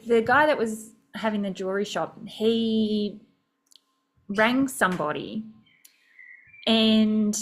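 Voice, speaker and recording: A young adult woman hosting a podcast, telling a personal story in a chatty, reflective way with many fillers. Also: medium pitch. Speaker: podcast host.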